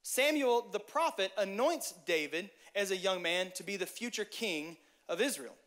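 A man preaching a casual sermon who talks straight to the audience in a lively, joking way. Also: high-pitched, moderate pace.

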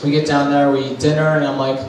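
A young man, a youth leader, telling a casual story to a group, animated and laughing as he talks. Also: a little high, fast. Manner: animated, laughing through his own story. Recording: echoey room, distant mic, background noise.

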